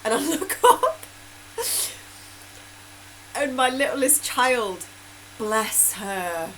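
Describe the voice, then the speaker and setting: A woman's voice: on the high side, sing-song, extremely slow, fairly bright tone, a little hiss or hum, rough recording. A woman, telling a rambling family anecdote in a chatty way, often laughing. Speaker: hypnotherapist host. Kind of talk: casual storytelling update.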